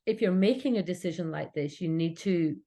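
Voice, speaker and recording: A woman's voice: lowish voice, brisk, mellow. A Scottish woman talking earnestly as a podcast guest about running her business, with frequent restarts. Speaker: cake kit business owner, podcast guest. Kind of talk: casual interview chat.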